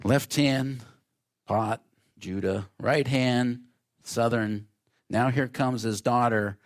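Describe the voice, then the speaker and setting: A male pastor gives a sermon, animatedly telling family stories and acting out the voices. His voice is mid-range, and his pace is slow.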